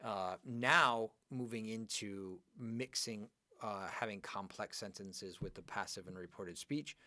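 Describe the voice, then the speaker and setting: A man teaching an online English grammar lesson, talking to students by name in a chatty, animated way. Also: fairly low pitch, measured pace, no echo.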